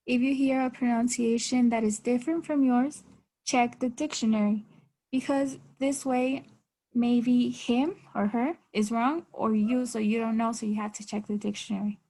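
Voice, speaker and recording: A young woman student giving a class presentation, explaining in a halting way with restarts. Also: fairly high pitch, mellow.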